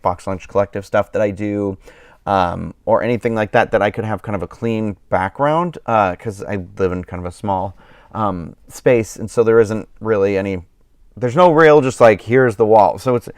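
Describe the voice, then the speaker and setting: A man's voice: fairly low pitch, moderate pace, clean tone, no echo, clean studio sound. A man hosting a live stream, chatting casually and rambling with lots of fillers, tired and yawning. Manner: rambling, many fillers and restarts. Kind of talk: casual chat.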